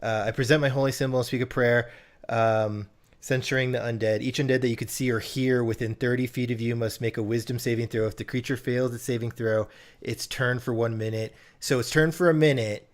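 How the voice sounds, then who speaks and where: A man playing a tabletop game, casually explaining his cleric's turn with halting fillers. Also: mid-range voice, steady tone. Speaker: player, cleric.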